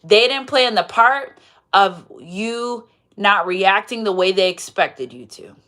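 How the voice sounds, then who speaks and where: Woman tarot reader on a live stream, animated and playful, casual asides. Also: medium pitch, takes it slowly.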